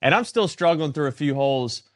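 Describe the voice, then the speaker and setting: A man's voice: on the high side, brisk, no echo. Man acting out an anecdote, dry close sound. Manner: animated anecdote-telling, acting out dialogue. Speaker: podcast co-host. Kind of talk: casual storytelling chat.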